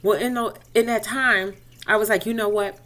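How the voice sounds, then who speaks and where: Woman, inspirational speaker, mid-pitched, chatty personal faith testimony. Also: fairly even intonation, normal speed, a bit bright. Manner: conversational, addresses listeners directly; retells dialogue expressively.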